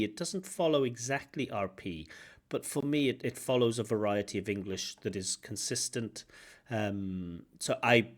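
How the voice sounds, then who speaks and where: A man giving feedback as a language-test examiner, explaining points in an animated way and humming out intonation patterns. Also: mid-range voice, normal speed. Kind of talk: commentary on a recorded test.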